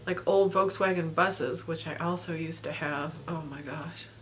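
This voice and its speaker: A woman's voice: low voice, steady tone, unhurried, fairly bright tone, a little hiss or hum. Tearful, grateful woman vlogger laughing through it. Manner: rambling with many fillers. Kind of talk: personal video diary.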